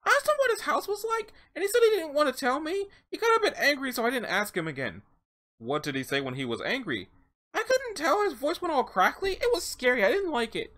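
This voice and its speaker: A squeaky six-year-old boy. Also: very animated, fairly quick, bright, forceful tone, exaggerated voice. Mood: earnest. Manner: earnest, chatty childish voice.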